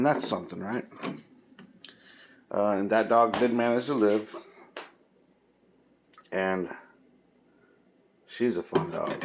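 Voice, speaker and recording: A man vlogging, telling a story in a casual, rambling way with many pauses and fillers and folksy, informal speech. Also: fairly low pitch, gravelly, background noise.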